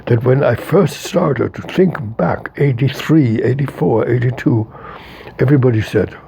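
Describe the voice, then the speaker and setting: Gravelly, emphatic man in his eighties. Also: mid-range voice, a little slow, warm tone. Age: 80s. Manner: emphatic and repetitive, openly emotional. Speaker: interviewee, philosopher. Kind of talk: reflective interview talk.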